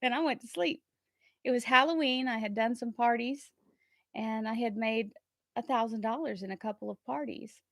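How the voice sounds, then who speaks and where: A woman hosting a tarot livestream, talking earnestly and warmly about trust and spirit, often laughing between thoughts. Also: a little high, moderate pace, creaky, no echo, clean studio sound. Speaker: tarot reader and channel host. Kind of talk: casual livestream chat.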